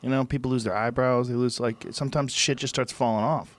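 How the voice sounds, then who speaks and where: A man hosts a loose, casual chat. He reacts to stories and riffs on them, swearing freely. His voice sits in a middle pitch, recorded dry and close. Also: fairly even intonation, fairly quick, no room sound.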